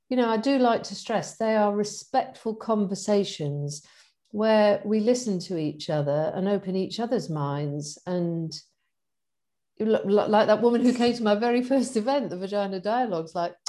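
A middle-aged woman in casual conversation, chatty and animated, laughing often as she talks about her events. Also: medium pitch, normal speed. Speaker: event organizer and guest.

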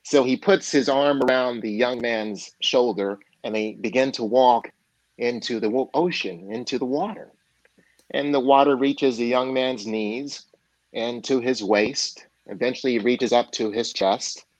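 A man slowly telling a story with a steady, mid-pitched voice. He pauses often and fills the gaps with ums and uhs. The sound is dry and close. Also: dry recording, rough recording. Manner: measured, halting storyteller with frequent fillers. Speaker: guest speaker and author. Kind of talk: storytelling in a conversation.

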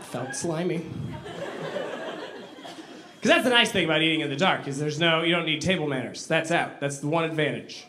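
A man performing a stand-up comedy set in a club, animated and acting out voices in his stories. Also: fairly high pitch, moderate pace, long pauses, background noise. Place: comedy club with a live audience. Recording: echoey room, live audience laughter.

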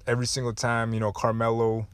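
A man's voice: medium pitch, completely flat delivery, quick pace, smooth, no echo. A young adult man talking earnestly and casually to other men, with many fillers, speaking as host. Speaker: host giving advice to men. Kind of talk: casual motivational talk.

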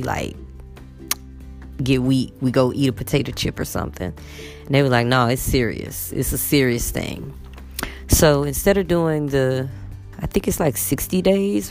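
A woman teacher, chatting casually to her viewers in an animated storytelling manner. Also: extremely low pitch. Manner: chatty, animated storytelling with acted quotes of students. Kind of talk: casual vlog chat.

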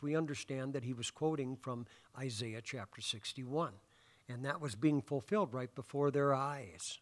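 A male pastor delivers a sermon in a church sanctuary, with a voice of ordinary middle pitch for a man. He talks in a loose, conversational way, throwing questions out to the congregation. He fills his pauses with ums and uhs. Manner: conversational, asks the congregation questions, many fillers.

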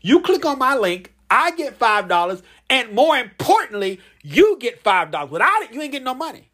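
A playful young man chats through his podcast announcements with a lively, swooping voice that jumps up and down. He jokes around, repeats lines in a sing-song way and calls on listeners to chant along. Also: very high voice, moderate pace. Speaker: podcast host.

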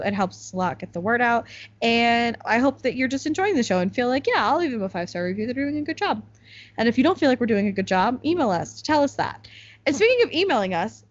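A young woman from the United States hosting a podcast in casual chat, with lots of "like" fillers. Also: on the high side. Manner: chatty, full of "like" fillers. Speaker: podcast host. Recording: slightly muffled podcast recording.

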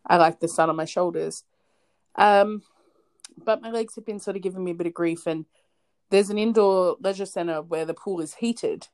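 A woman's voice: on the low side, normal speed, darkish tone. A woman co-hosting a podcast, telling a story in casual chat and often laughing. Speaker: podcast co-host.

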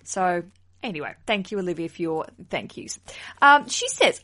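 A woman's voice: fairly low pitch, sing-song, moderate pace, sharp tone. A woman hosting a podcast in casual solo chat. She is outspoken, swears freely and often laughs. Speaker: wedding podcast host.

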